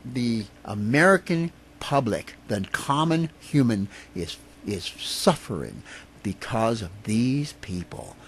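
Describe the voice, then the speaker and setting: A man's voice: medium pitch, very animated, slow pace, slight background noise. A man filming a political rant at his rural home. He is impassioned and profane, and often repeats and restarts his phrases. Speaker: video blogger.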